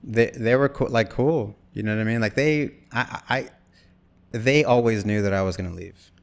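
Man from Wyoming, forties, low voice, rambling casual storyteller, animated. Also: normal speed, gravelly. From Wyoming, USA. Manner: rambling, animated, acts out quoted dialogue. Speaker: actor guest.

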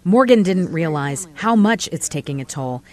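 Lower-voiced woman news reporter. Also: animated, moderate pace, darkish tone. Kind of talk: scripted news narration.

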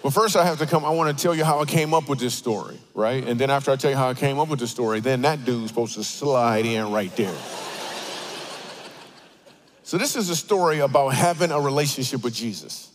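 A man preaching a comedic sermon in a church auditorium, telling stories with animated, playful asides. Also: mid-range voice, brisk, slight background noise. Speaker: guest speaker.

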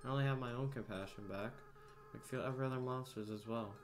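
A man reading out the lines of a young goat-monster boy in a game, soft and halting, as if choked up with regret. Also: mid-range voice, a little hiss or hum, lightly acted. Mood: remorseful. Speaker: gamer reading game dialogue aloud. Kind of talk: dramatic reading of game dialogue.

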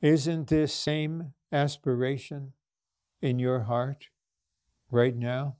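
A man preaching a sermon in a slow, deliberate cadence. His voice is dark and mellow, recorded dry and close. He speaks earnestly, stopping to ask his listeners questions. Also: mid-range voice, level tone, clear, resonant tone, no echo. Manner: slow, earnest, with frequent restarts and rhetorical questions. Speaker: minister.

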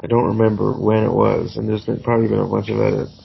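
A man in his twenties, a podcast co-host in casual chat, joking in a deadpan way and laughing often. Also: fairly low pitch, quick pace, vocal fry, highs cut off, slight background noise.

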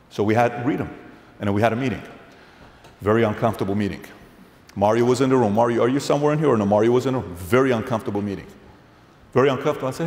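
A man's voice: medium pitch, quick pace, long pauses. Emphatic man speaking in an echoey hall. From Middle East. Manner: animated storytelling, acts out dialogue; blunt and emphatic. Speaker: keynote speaker. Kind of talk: motivational keynote speech. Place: large event hall. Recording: echoey hall with long reverb.

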